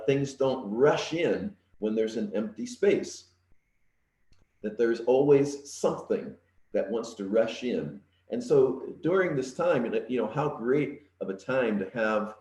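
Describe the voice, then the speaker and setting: A middle-aged man, an interim minister, giving a gentle, reflective online sermon from his home, with frequent pauses and fillers. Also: on the low side, reverberant. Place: home setup.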